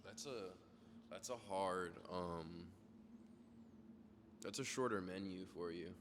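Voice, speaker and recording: Twenties male guest, laid-back and slangy, very deep voice, steady background noise under the mic. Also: takes it slowly. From Florida, United States. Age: 20s. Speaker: podcast guest. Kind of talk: casual podcast chat.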